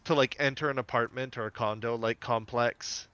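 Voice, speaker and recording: A man's voice: medium pitch, normal speed, clean tone, no room sound. A man co-hosting a podcast, chatting casually and laughing as he recaps a cartoon episode. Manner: animated, laughing storyteller. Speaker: podcast co-host.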